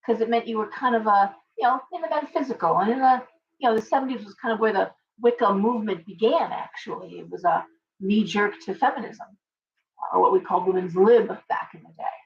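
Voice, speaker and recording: A woman's voice: mid-range voice, brisk, vocal fry, recorded from a distance. A middle-aged woman hosting a live stream as a tarot reader, chatting casually in a rambling way and greeting viewers by name. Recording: dull, lo-fi sound from off-mic.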